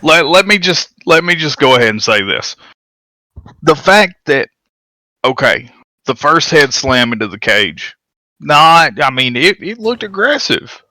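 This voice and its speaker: A man's voice: fairly high pitch, very animated, unhurried, bright, forceful tone, no room sound, rough recording. A man co-hosting a podcast, casually correcting details and filling in background, with many restarts. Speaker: podcast co-host. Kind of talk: casual chat about wrestling history.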